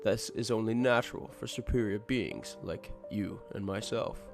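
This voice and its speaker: A man voicing a cold, gleeful masked male serial killer who speaks slowly and flatly and turns menacing. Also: lowish voice, gravelly, over music. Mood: preaching. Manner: slow, flat and menacing, rising into glee.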